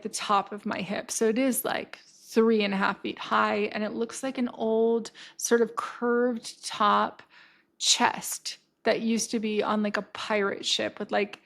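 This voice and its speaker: A woman telling a personal story as a podcast guest, in a casual, animated way, swearing freely and acting out what people said. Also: medium pitch, vocal fry. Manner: swears freely and acts out quotes in a vivid, animated way.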